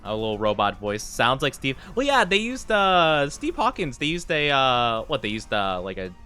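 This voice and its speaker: A man's voice: medium pitch, very animated, moderate pace, sharp tone, smooth, soft background music. A man livestreaming a game, chatting casually and ramblingly with his viewers. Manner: rambling and chatty, with lots of fillers. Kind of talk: casual chat with viewers while playing a game.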